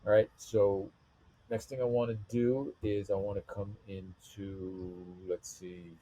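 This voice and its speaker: A man's voice: sits low, dark tone, slight background noise. A man narrating a screen-recorded web design tutorial, thinking aloud as he clicks through menus and settings.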